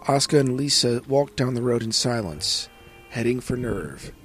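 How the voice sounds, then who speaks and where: A man narrating fan fiction aloud in an earnest, slow reading with small slips. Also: mid-range voice, animated, loud music behind the voice. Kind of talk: amateur audiobook narration.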